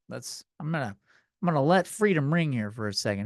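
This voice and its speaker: Male podcast host for a comedy rant: exasperated and profane, somewhat high voice, dry studio mic. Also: big pitch swings, brisk, no room sound. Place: video podcast recording. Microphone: studio microphone.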